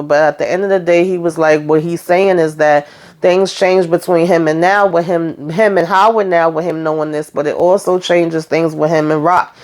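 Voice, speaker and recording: A woman hosts a casual TV episode recap, chatty and slangy, retelling scenes and acting out the characters' lines. Her voice is fairly low and darkish.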